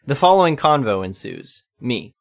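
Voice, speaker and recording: A man reading an online storytime post aloud in a plain, even delivery. His voice sits at an ordinary, middle pitch for a man. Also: moderate pace, gravelly. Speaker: narrator.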